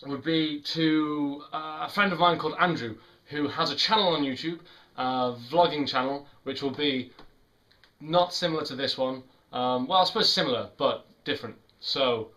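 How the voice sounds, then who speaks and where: A man's voice: medium pitch, pushed and bright. A young man from the United Kingdom talking casually and rambling cheerfully in a vlog about his song and friends. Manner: chatty, upbeat, rambling with self-corrections. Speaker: vlogger and songwriter.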